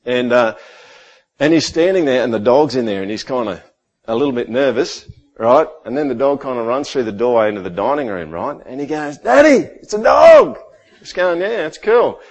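A man preaching a sermon in a lively, playful way, his pitch leaping up as he tells stories and dropping low and soft at quieter moments. He has a middle-range voice and keeps talking to the congregation in a casual way. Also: fairly quick, muffled recording. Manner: animated, jokey, acts out his son's lines. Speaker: pastor.

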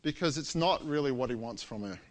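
A man preaching a sermon, telling a story with lively, acted-out quotes. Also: mid-range voice, fairly quick. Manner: animated storytelling, acts out quoted lines.

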